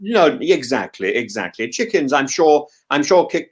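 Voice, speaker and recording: British man, casual podcast chat, wry rambling anecdotes, fairly high voice, very lively pitch. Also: moderate pace. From Britain. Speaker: podcast host.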